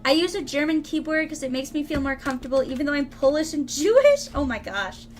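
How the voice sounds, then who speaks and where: A woman's voice: high voice, expressive, brisk, faint music behind. A young woman live-streaming tarot readings, rambling casually to her viewers with lots of fillers. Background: lawn mower noise outside.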